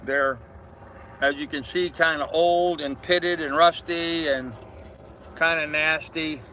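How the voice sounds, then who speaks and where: A man in his late fifties with a slightly raised voice talks casually on his sailboat at anchor, tired and yawning. He rambles from one subject to the next and replies to viewers' comments in a relaxed way. Faint noise sits behind him. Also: on the high side, slow pace. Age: 50s. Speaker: sailing vlogger reading live chat. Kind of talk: casual live-stream chat.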